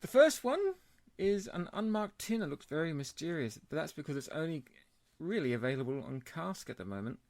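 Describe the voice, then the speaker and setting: A man co-hosting a beer podcast in casual chat, chatty and quick to laugh. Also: on the high side, animated, a little mellow, no room sound. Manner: chatty, laughs often, puts on joke accents. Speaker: podcast co-host.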